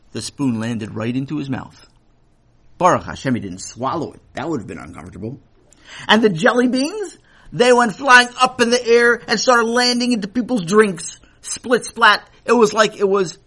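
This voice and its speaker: Man, children's story narrator, playful, animated, wide-ranging pitch, fairly high voice.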